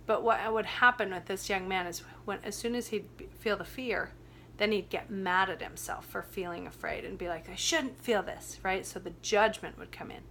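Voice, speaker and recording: A woman facilitator in a casual, earnest chat, telling a story from a youth workshop and softening her voice at tender moments. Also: mid-range voice, creaky, a little hiss or hum. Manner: earnest, gentle, drops to a hush for tender moments.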